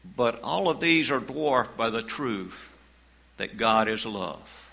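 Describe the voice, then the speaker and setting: A man preaching a sermon as pastor, in a slow, measured way, reading scripture aloud. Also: mid-range voice, animated, gravelly, sharp tone, poor audio.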